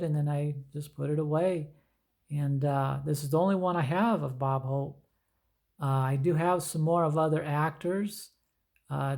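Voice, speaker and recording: A middle-aged man chatting casually as he shows his comic book collection, rambling with lots of fillers. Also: on the high side. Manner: rambling, relaxed storytelling with many fillers. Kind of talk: casual show-and-tell chat.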